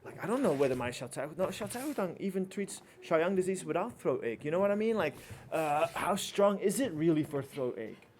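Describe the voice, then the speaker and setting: A man's voice: fairly high pitch, sing-song, fairly quick, hardly any pauses, slight background noise. A man giving a teaching lecture, telling a casual anecdote and acting out both doctor and patient.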